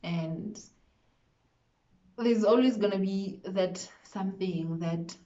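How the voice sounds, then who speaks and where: A woman's voice: medium pitch, slow, dark tone. A young woman from South Africa candidly telling a personal story on her vlog, emotional and open, often repeating words as she searches for them. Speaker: vlogger. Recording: echoey room, dull lo-fi sound.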